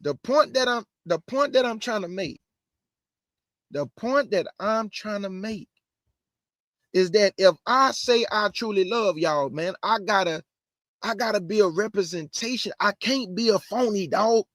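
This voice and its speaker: A man preaches to his online audience, quick and emphatic, circling back to repeat his points. His voice sits high for a man, and the sound is dry and close to the mic. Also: lively intonation, fairly bright tone, no room sound. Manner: fast, conversational, emphatic, repeats phrases. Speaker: online Bible teacher. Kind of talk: livestream preaching. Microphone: close microphone.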